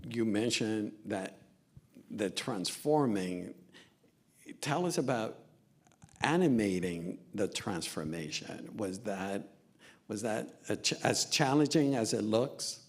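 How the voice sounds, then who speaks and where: A man's voice: on the low side, expressive, takes it slowly. A man moderating a festival Q&A, asking the guest short, prompting questions. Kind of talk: festival Q&A interview. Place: theater stage, in front of an audience.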